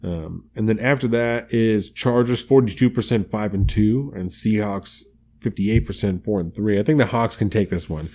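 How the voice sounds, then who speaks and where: A man's voice: fairly low pitch, normal speed, a little mellow. A man co-hosting a podcast, chatting casually and a bit profanely while he runs through his football picks and odds. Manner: profane, laid-back, reads off picks and odds. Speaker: podcast co-host. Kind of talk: casual sports chat.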